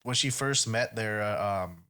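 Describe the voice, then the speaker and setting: A man's voice: lowish voice, measured pace, bright, forceful tone, clean tone. A man hosting a podcast, chatting casually and retelling stories with lots of swearing and quoted voices. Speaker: podcast host.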